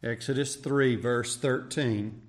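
A male pastor preaching a sermon, swinging between raised, emphatic cries and hushed, quiet passages. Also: medium pitch, fairly even intonation, takes it slowly. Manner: preaching with rising shouts and hushed drops.

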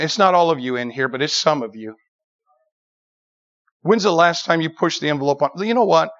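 Animated preacher man, dull recording. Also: fairly high pitch, normal speed. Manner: animated, emphatic, repeats words while building a story. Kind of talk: storytelling sermon.

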